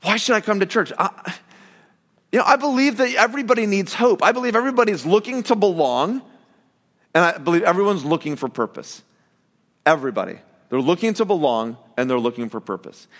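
A man with a notably high voice preaches in a loose, chatty way, stopping and restarting his sentences and leaning hard on "like" and "you know". His words carry the long reverb of a church hall. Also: fairly quick. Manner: conversational, animated preaching with many fillers and restarts. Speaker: pastor. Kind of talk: sermon.

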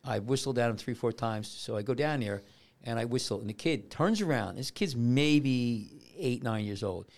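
New Jersey host, rambling storyteller, gravelly, lively pitch. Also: male voice. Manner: rambling, halting, lots of restarts. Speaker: podcast host. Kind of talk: casual storytelling chat.

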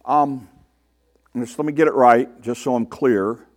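A pastor with a medium-pitched voice preaches unhurriedly to his congregation. His style is conversational, with rhetorical questions and imitations of the people he quotes.

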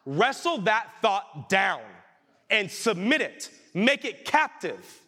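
A male pastor preaching a sermon with animated delivery that rises to shouts. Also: high-pitched, slow pace. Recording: reverberant hall.

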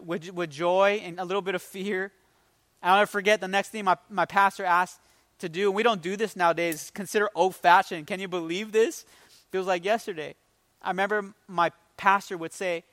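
A man's voice: high voice, steady tone, fairly quick, a bit bright, dry recording. A man preaching an emotional, conversational sermon, rising with emphasis. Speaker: pastor.

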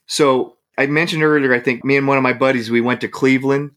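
A man from the San Francisco Bay Area, a guest telling a story in casual chat, animated and laughing as he acts out what people said. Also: medium pitch, fast talker.

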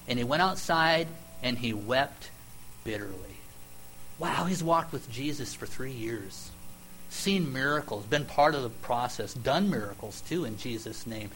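A man preaching a sermon, retelling the story in a conversational, emphatic way with dramatic pauses and repeated questions. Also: mid-range voice, a bit bright, a little hiss or hum, poor audio.

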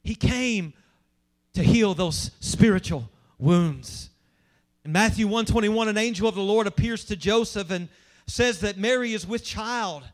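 A man's voice: high voice, measured pace. A man preaching a sermon as pastor, emphatic and asking the congregation questions.

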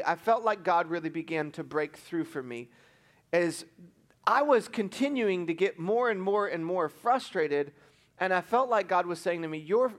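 Animated high-voiced male pastor. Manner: animated storytelling, self-mocking humor. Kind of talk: sermon with personal story.

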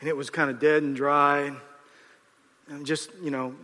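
A man in his fifties, a pastor preaching a storytelling sermon in an animated way, often acting out the people he quotes. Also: on the high side, moderate pace. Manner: animated, acts out quotes, restarts. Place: large church auditorium. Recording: reverberant hall.

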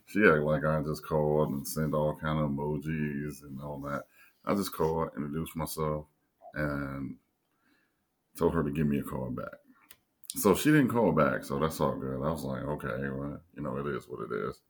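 Co-host, very low-voiced man, husky, young, animated storyteller. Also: measured pace. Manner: animated, acts out other voices in a high pitch. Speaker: podcast co-host. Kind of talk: casual storytelling chat.

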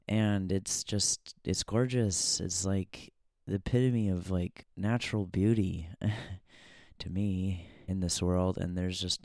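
A man hosts a podcast in a casual, reflective monologue, musing aloud with many fillers and frequent laughs. His deep voice is creaky with a darkish tone, recorded at studio quality with no echo.

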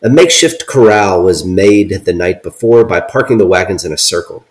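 A man co-hosting a podcast, reading an old account aloud with deadpan asides. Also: sits low, gravelly, rough recording. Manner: deadpan, reads quotes with dry asides. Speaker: podcast co-host.

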